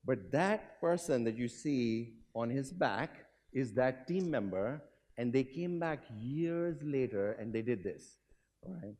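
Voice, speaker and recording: A man giving a motivational business talk, telling a story and quizzing the audience. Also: slow. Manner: animated, swings pitch and volume. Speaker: keynote speaker. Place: hotel conference hall.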